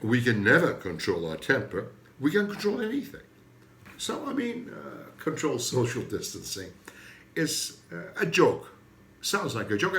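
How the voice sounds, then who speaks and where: A man's voice: medium pitch, fairly bright tone. A man, hosting a comedy videocast from home with a rambling, self-mocking monologue. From Turkey. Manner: digressive, self-mocking, jokey asides. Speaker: comedy host. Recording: roomy echo.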